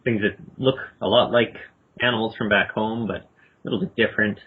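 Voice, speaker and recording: A man's voice: on the low side, fairly even intonation, brisk, slightly rough. A man running a storytelling game as game master, describing the scene loosely with many fillers. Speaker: game master and podcast host. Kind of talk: casual game narration. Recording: dull lo-fi audio with faint noise.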